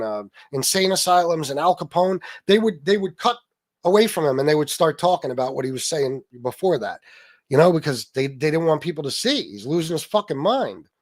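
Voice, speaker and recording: A middle-aged man rants through a political livestream, voice sitting a little on the higher side. He swears freely, turns sarcastic and fires back at viewers in the chat. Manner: angry, profane, sarcastic, talks to chat. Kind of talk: ranting livestream commentary. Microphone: streaming mic.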